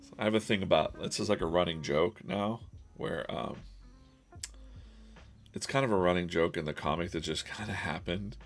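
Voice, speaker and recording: A man's voice: low voice, vocal fry. A man streaming live while drawing comics, chatting casually and rambling, with lots of laughs and silly quoted voices.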